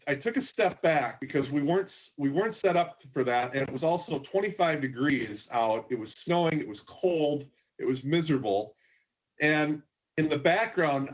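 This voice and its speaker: A man hosting a convention panel, telling an on-set story with quoted dialogue. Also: a little high. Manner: animated anecdote, quotes others. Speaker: panel host, filmmaker. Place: convention stage. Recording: dull lo-fi panel recording.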